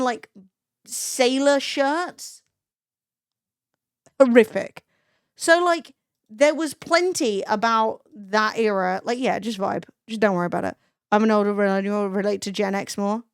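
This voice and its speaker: A woman's voice: on the high side, smooth, no echo, clean studio sound. Blunt, sweary woman streamer. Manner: blunt and profane, chatty, with animated impressions. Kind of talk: casual chat to a live stream.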